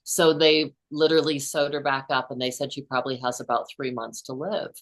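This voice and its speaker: Guest in her 60s: low-pitched woman, earnest storyteller, chatty with frequent restarts. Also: steady tone, brisk. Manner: earnest, many restarts and "you know". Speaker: podcast host and author, guest. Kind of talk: storytelling in a casual interview.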